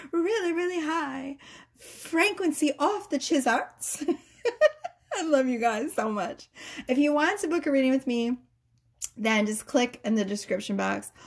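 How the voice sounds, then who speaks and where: Woman, tarot reader, casual chat, giggly, sassy, playful, high voice.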